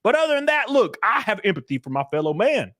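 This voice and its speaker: A man hosting his livestream in casual chat, loud and joking, who breaks into sudden yelps of excitement. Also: high voice, quick pace, no room sound, clean studio sound. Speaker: streamer host.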